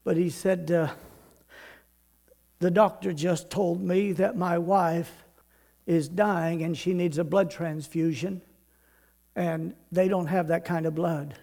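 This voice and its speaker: An older man preaching a sermon, building to loud emphatic repetition and then dropping to quiet storytelling. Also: on the high side, steady tone, slow pace, creaky, pauses often. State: out of breath.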